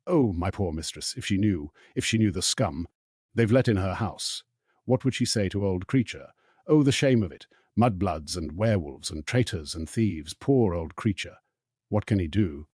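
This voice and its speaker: A man voicing a bitter old male house elf who mutters resentfully in a hoarse, croaking voice. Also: sits low, expressive, moderate pace, a little mellow, no echo, clean studio sound. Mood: muttering. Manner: resentful grumbling under breath.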